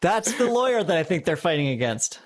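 High-pitched and brisk, a male podcast co-host keeps things casual and comedic. He's an energetic storyteller who often bursts into laughter.

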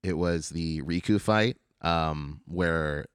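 A man's voice: deep voice, slow pace, clear, resonant tone, dry recording, clean studio sound. A man co-hosting a podcast, casually and animatedly chatting about video games and swearing freely. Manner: animated, swears freely, acts out game lines. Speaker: podcast co-host.

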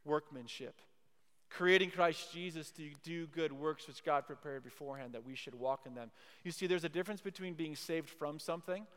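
Man preaching, slightly high voice, emphatic, long hall reverb. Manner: emphatic, repeats key phrases, then drops to a hushed prayer. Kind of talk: sermon. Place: university chapel or hall.

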